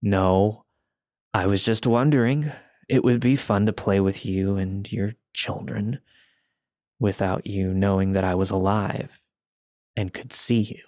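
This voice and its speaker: A man doing a slow, slurred, creepy stranger. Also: fairly low pitch, no echo, studio quality, close to an everyday voice. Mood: eerie. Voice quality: slow slurred speech, childlike phrasing. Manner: eerily calm and unaffected.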